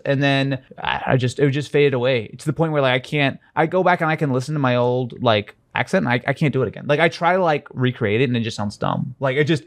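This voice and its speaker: A man's voice: mid-range voice, no echo, clean studio sound. A young man from Missouri, a guest in a casual interview, talking in a rambling, self-deprecating way with many fillers and restarts.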